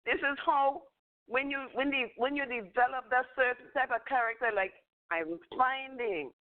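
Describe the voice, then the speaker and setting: Older woman, rambling storyteller with a chuckle; phone-quality audio. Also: medium pitch. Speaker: spiritual teacher. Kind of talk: casual teaching talk. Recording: tinny phone-line audio.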